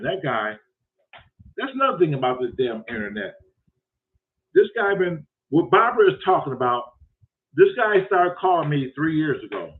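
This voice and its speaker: A man hosting a show, telling a story casually with lots of profanity and acting out both sides of a conversation. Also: fairly high pitch. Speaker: host. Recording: phone-like lo-fi audio.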